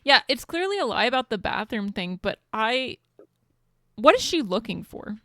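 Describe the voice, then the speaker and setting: Woman, young adult, podcast co-host, somewhat high voice, joking, dry sound. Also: big pitch swings, normal speed, bright, forceful tone, no echo. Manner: laughing, joking. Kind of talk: casual chat.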